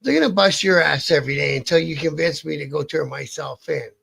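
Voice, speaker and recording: A man's voice: a little high, a little fast, vocal fry, fairly bright tone, husky. A man from Canada, a biker guest telling a rambling, profane story with many restarts. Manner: rambling, profane, self-interrupting. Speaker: interview guest, outlaw biker. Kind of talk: casual storytelling.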